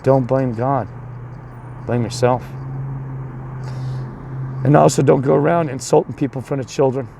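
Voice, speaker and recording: A man's voice: mid-range voice, steady tone, moderate pace, vocal fry, pauses often, background noise. A man coaching youth baseball tells a long story in a rambling way, restarting often and acting out the other people, then turns it into a sermon. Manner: repeats and restarts a lot, voices the other people in his story.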